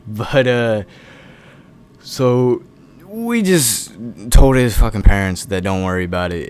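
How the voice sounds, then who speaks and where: Young guy rambling through a storytime, kinda low voice, swears a lot, faint room hum behind. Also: expressive, unhurried, darkish tone. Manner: profane, rambling, laid-back storytelling. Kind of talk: casual storytime.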